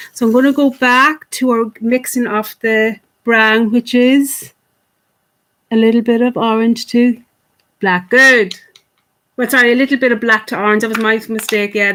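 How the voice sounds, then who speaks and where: A woman's voice: a little high, fairly bright tone. Chatty woman teaching kids clay. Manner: chatty, encouraging, talks to the camera as if to kids; fond of cute words like "little". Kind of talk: online craft lesson for children.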